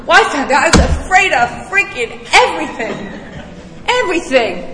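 A woman's voice: high-pitched, very animated, normal speed, noisy background. A middle-aged woman giving a recovery meeting testimony, emphatic, blunt and salty, with rising bursts. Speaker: speaker sharing a recovery story. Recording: echoey hall with long reverb.

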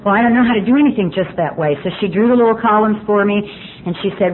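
A woman shares her recovery story at a meeting, candid and self-mocking with a dry sense of humor. Her voice sits in a middle pitch and comes through a tinny, phone-like recording with a faint hiss behind it. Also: fast. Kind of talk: personal testimony storytelling.

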